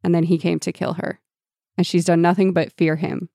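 A woman's voice: on the low side, little pitch movement, moderate pace, creaky, dark tone, dry recording, clean studio sound. A woman co-hosting a casual book podcast, talking animatedly about a novel and sometimes reading passages aloud. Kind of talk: casual chat.

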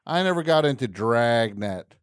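Man, podcast host, loose joking chat, mid pitch, dry close sound. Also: animated, normal speed, clear, resonant tone, no room sound. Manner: loose, jokey and rambling. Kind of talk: casual chat.

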